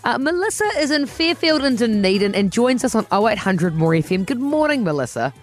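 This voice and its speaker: A woman with a New Zealand accent hosting a casual radio chat, chatty and quick to laugh. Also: a little high, very animated, soft background music. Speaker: radio host. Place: radio studio.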